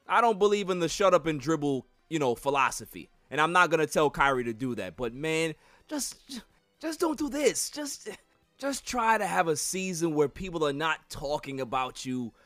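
A man hosting a solo sports podcast, ranting in an animated, mocking way and laughing as he goes. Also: high-pitched, no room sound. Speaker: podcast host.

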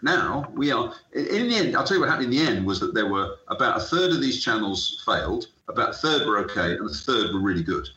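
A man's voice: on the low side, fast, hardly any pauses, noisy background. A middle-aged man from the UK, a sports entrepreneur telling stories as an interview guest, acting out the conversations he recalls. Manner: animated anecdotal, acts out dialogue. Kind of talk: storytelling interview. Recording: echoey room, dull lo-fi sound.

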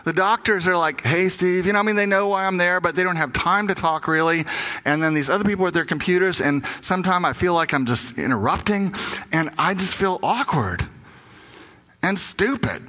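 Older man preaching with a bright voice. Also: high voice, moderate pace. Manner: candid personal storytelling, acting out his own inner voice. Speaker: pastor. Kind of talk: conversational sermon.

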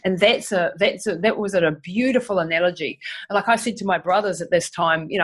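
A New woman, appearing as a guest, shares a personal story in a husky-edged voice that sits on the low side and moves fairly quickly. She tells it animatedly, often restarting sentences and acting out what others said.

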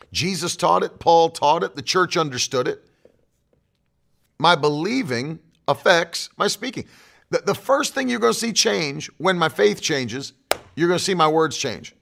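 A man's voice: a little high, creaky, a bit bright. A male pastor preaching a fiery sermon to an online audience, hammering home his points by repeating them. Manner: emphatic, repeats key phrases.

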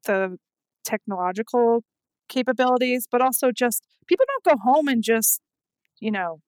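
Thoughtful woman podcast host, higher voice. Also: expressive, normal speed, a little mellow, smooth, dry recording, poor audio. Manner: conversational, thoughtful, light laughs. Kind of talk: casual interview chat.

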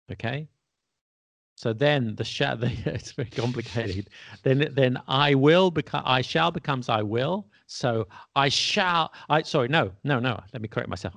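Gravelly man explaining grammar. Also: medium pitch, normal speed, no room sound. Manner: explains patiently, checks with "okay?". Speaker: English teacher and podcast host. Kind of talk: casual podcast explaining grammar.

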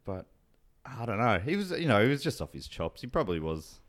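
Deep-voiced comedian rambling through a story. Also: male voice, sing-song, fairly quick. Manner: rambling, self-mocking, trailing off. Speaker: stand-up comedian. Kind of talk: casual storytelling chat.

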